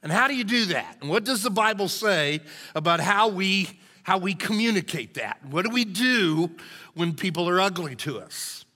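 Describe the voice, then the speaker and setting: Folksy, bright-voiced man preaching. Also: high voice, animated, normal speed. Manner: folksy, conversational, storytelling. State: hoarse. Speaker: lead pastor. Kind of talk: sermon. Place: church sanctuary. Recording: long reverb of a church hall.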